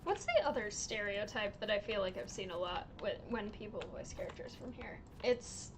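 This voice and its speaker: A woman livestreaming a game, chatting casually in an unhurried way, with lots of little laughs and ums. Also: mid-range voice, lively intonation, noisy background. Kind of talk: casual chat while streaming a game.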